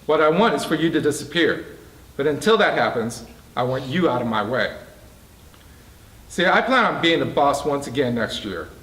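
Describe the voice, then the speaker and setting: A man's voice: medium pitch, lively intonation, normal speed, a bit bright, natural voice. A man reading the part of a mocking, scheming male prison boss with a smug, taunting manner. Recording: roomy, distant mic.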